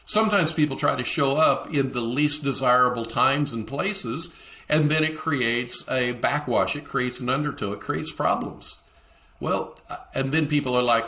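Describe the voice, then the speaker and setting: Podcast host, middle-aged man, clear bright tone, talks listeners through ideas and plays out the lines he quotes. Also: mid-range voice, normal speed. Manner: acts out quoted dialogue in shifting voices. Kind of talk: solo podcast teaching talk.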